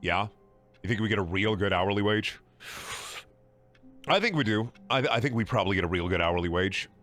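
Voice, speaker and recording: A man's voice: fairly low pitch, lively intonation, a little fast, a bit bright, faint music behind. A man streaming a video game, talking in a sarcastic, rambling, profane way with frequent laughing and repeated words. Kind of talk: casual game livestream commentary.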